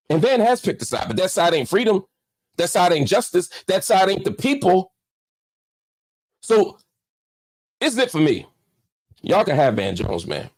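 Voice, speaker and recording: A man hosting a political commentary show, talking with heated, preacher-like force and hammering phrases through repetition. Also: fairly high pitch. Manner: heartfelt, slower, subdued. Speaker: host.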